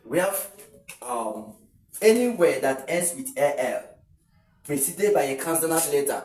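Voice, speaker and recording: A man's voice: on the high side, moderate pace, a little mellow, echoey room, distant mic, soft background music, poor audio. A man with a Nigerian accent teaching an exam lesson, explaining step by step and repeating key points. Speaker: exam tutor. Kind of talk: video lesson.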